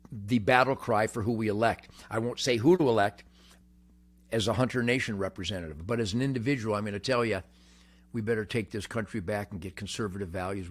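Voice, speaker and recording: An older man hosting a rambling, boastful monologue, brash and cocky, swinging from booming shouts to low mutters. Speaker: host.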